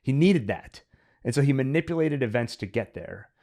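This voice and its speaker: A man's voice: mid-range voice, animated, moderate pace, darkish tone. A man hosting a podcast, chatting casually and analytically about a film as he thinks aloud. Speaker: podcast host. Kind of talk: casual chat, film review.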